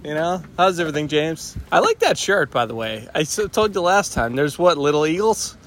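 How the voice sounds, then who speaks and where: A man's voice: a little high, sing-song, normal speed, fairly bright tone. A man hosting a podcast, teasing his co-hosts in a playful casual chat. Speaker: podcast host.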